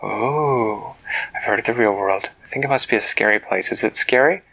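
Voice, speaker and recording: A man voicing an odd, prim and scatterbrained female fairy in a bedtime story, with a slightly gravelly voice. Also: fairly low pitch, moderate pace, sharp tone, full character voice, poor audio.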